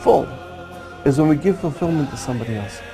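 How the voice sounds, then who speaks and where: A man giving a storytelling sermon on Kabbalah, animated and acting out the quoted dialogue. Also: on the high side, fast, soft background music, rough recording. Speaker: Kabbalah teacher.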